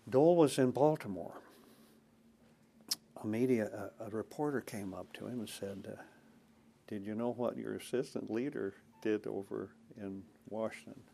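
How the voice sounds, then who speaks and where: A man's voice: lowish voice, moderate pace, vocal fry, dark tone, a little hiss or hum. An older man and former senator telling folksy, anecdotal stories in an oral history interview, chuckling and acting out quotes.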